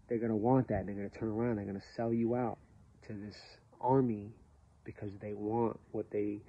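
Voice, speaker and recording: A man talking casually about faith and prophecy, rambling, animated, and swinging between loud and hushed. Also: on the low side, slightly rough. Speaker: show host. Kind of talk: casual religious talk. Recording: slightly dull lo-fi audio with faint hiss.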